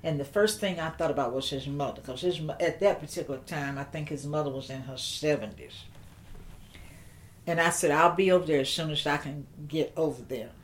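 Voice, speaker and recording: Speaking at a low pitch, an older woman recounts a personal story for an interview, her delivery slow, thoughtful and marked by halting restarts.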